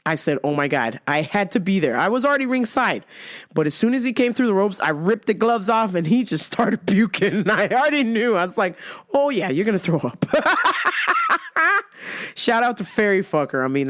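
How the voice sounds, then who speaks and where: A woman hosting her own show, recapping events in a casual, profane, animated way. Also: fairly low pitch. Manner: animated, swears constantly, laughs often. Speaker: show host.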